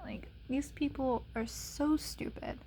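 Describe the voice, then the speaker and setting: A young woman vlogs in a casual, exasperated rant, full of sarcasm and "like" fillers. Her fairly high voice is husky and gravelly with fry. At times she sinks into a soft whisper. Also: steady tone, unhurried. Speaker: ASMR channel vlogger.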